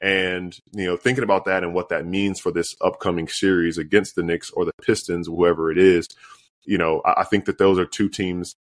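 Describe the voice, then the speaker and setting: Low-voiced male co-host, loose and rambling sports talk. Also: little pitch movement, normal speed, dry recording, clean studio sound. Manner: rambling, many fillers and restarts.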